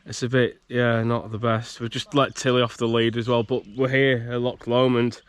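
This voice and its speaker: A man's voice: medium pitch, little pitch movement, normal speed, smooth. A man chatting in a casual, rambling vlog while walking outdoors by a loch, a little bunged up from a cold. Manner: chatty, rambling, restarts and laughs. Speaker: vlogger. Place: outdoors on a rural campsite by a loch.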